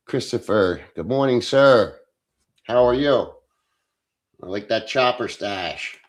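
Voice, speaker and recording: A man from Philadelphia, USA, with a fairly low, expressive voice speaks slowly. He hosts a casual livestream, reading comments, and he is blunt and profane.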